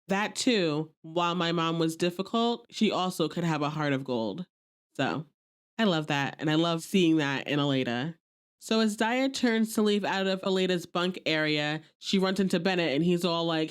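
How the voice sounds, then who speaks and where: A woman's voice: lowish voice, normal speed. A woman hosting a podcast, chatting casually as she recaps an episode and quotes characters playfully.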